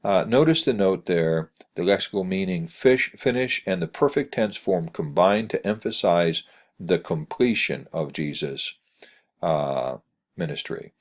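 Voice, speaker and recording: A man teaching Greek grammar in a recorded screencast lecture, halting and full of "uh" fillers as he reads examples aloud. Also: low voice, lively intonation.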